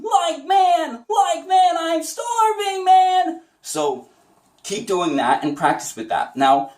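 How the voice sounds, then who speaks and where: A man's voice: a little high, recorded from a distance. A man teaching voice impressions in a casual, chatty tutorial, upbeat and often laughing. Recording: roomy echo, away from the mic.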